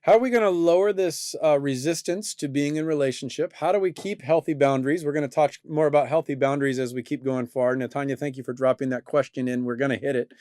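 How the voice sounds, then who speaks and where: A man's voice: medium pitch, fast talker, hardly any pauses, darkish tone, no room sound, clean studio sound. A man hosting a faith-based discussion show, speaking earnestly and thoughtfully, often restarting his sentences. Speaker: host.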